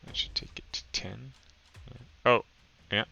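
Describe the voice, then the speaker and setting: A man acting as game master in a casual tabletop session, talking in a relaxed, hesitant way with many ums and uhs. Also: fairly low pitch, normal speed, gravelly, slightly rough, dull audio.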